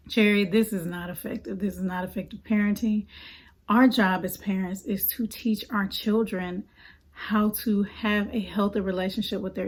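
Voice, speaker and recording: Woman parenting coach, husky timbre, earnest and chatty advice. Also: medium pitch. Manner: conversational, acts out her own inner voice in soft asides. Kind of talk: earnest advice talk to camera.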